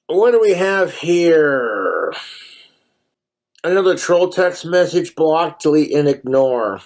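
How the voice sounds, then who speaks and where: High-voiced man ranting in mock Cockney. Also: expressive, slow, darkish tone. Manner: putting on a mock Cockney accent; crude, profane joking. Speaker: livestreamer. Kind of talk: rambling livestream monologue.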